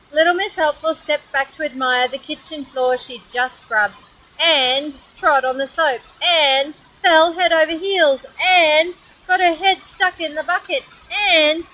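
Australian woman, storyteller, high bright voice, animated picture book reading. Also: low-quality recording. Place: outdoors by a waterfall.

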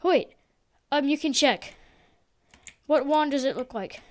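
A woman's voice: high voice, lively intonation, measured pace. Rambling woman gamer with a raised voice. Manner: scattered, restarts with many "wait"s. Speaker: gamer guiding a friend. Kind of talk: casual gameplay chat. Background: faint game music.

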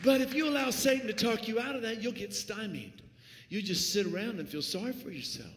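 Man, pastor, fervent sermon, bright forceful tone, echoey church hall with long reverb. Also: high voice, animated, a little fast, a faint crowd, slight background noise. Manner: fervent preaching, swings from hushed to shouting. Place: church sanctuary.

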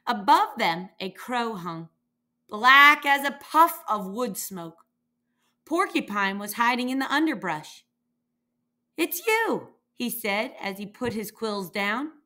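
A woman reads a children's picture book aloud, slowly and with plenty of expression. Her voice is bright and sits a little high, and her pitch swoops lively from line to line as she takes on the animals' voices. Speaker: reader.

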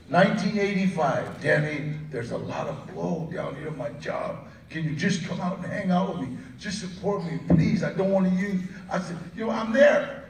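Interviewed at a movie premiere, a man with a high, gravelly voice tells stories casually, laughing often and imitating the voices of people he quotes. The sound is roomy, captured by a distant mic amid crowd noise.

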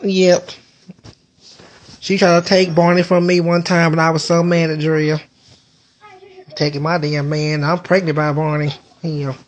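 A woman's voice: low-pitched, little pitch movement, moderate pace. A woman chatting casually on a live stream from home into a phone, rambling and swearing in a playful way. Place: indoors at home.

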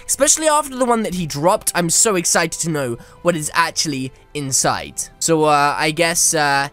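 A woman hosting a game video, chatting and exclaiming in excited commentary. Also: deep voice, moderate pace, soft background music. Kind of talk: excited let's-play commentary.

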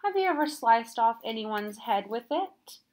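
A woman's voice: a little high, animated, unhurried, darkish tone. A woman voicing a serious schoolboy who quizzes a newcomer skeptically, in a storybook read aloud. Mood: probing.

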